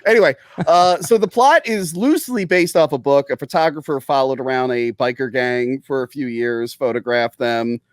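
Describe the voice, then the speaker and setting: A man co-hosting a casual movie review podcast, enthusiastic and quick to laugh. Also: mid-range voice, no room sound, studio quality. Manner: enthusiastic, laughs often, animated. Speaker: podcast co-host.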